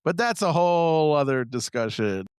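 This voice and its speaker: A man guesting on a podcast, talking in a casual, rambling and self-mocking way with a high-pitched, nasal voice. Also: lively intonation, normal speed, clean tone, no echo, clean studio sound. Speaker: baseball analyst guest.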